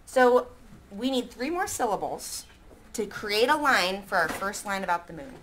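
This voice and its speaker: A woman's voice: medium pitch, sing-song, a bit bright, slight background noise. Teacher woman drawing ideas from a class. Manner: reads lines slowly, counting syllables. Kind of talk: classroom lesson.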